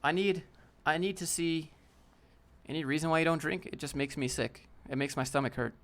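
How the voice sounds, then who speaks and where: A man's voice: a little high, brisk, fairly bright tone. A man hosting a casual live Q&A stream, bluntly answering chat and critiquing a viewer's portfolio with slang like "fam" and "dude.". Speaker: livestream host. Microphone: desk setup with a DSLR camera.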